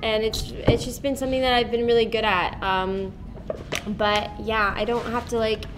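Young actress, chatty and giggly, a touch high-pitched, on a noisy convention hall mic. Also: female voice, fairly even intonation, normal speed. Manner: giggly, chatty, many fillers. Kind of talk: fan convention panel Q&A.

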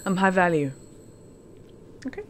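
A woman's voice: on the low side, expressive, a little slow, a little hiss or hum. A woman chatting casually on a live stream as she plays a game, in a self-mocking way.

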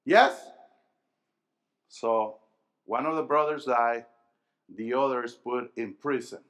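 A man preaching a sermon to young people, asking the congregation questions and calling for answers, moving between low, quiet stretches and loud emphatic bursts. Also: takes it slowly. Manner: call-and-response, asking the crowd questions. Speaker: pastor. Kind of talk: sermon to a youth rally.

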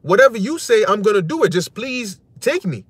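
A desperate woman begging to be taken, her voice slightly raised and her words drawn out slowly as a man puts her on. The sound is dry and close. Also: high-pitched, very animated, slightly rough, no room sound, heavily acted. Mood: pleading.

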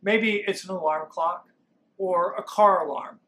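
A man leads young children through a Bible story as their pastor. He talks very slowly and gently. He pauses often for call-and-response lines. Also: high-pitched.

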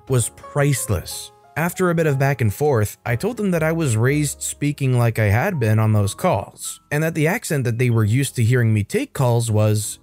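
Male narrator, mid pitch, scripted story reads, faint music bed. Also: a little mellow. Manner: reads stories aloud with brief commentary.

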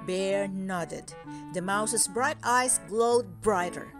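A woman reading a children's picture book aloud with slow, expressive storytelling. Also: medium pitch. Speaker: storybook reader. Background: soft music.

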